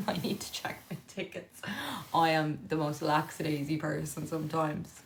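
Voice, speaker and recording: In a mid-range voice, a young woman chats casually on a live stream from her living room. She reads viewer comments aloud and answers them, blunt and not shy about swearing.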